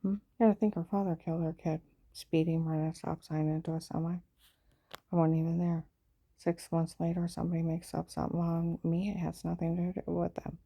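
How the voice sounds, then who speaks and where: A woman's voice: fairly low pitch, little pitch movement, a little fast, gravelly, warm tone. A woman giving a rambling personal account in an aggrieved, insistent way.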